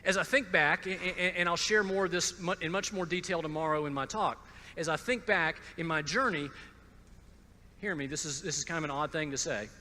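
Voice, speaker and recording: A man's voice: on the high side, brisk, sharp tone, big-room sound. A man from Georgia gives a personal testimony talk, stumbling over repeated words and dropping wry asides. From Georgia, USA. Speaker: speaker at a conference.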